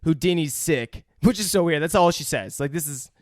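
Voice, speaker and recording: A man's voice: on the high side, expressive, brisk, dry recording, clean studio sound. A young man co-hosting a podcast, casually and profanely retelling film scenes in a review chat. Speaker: podcast co-host.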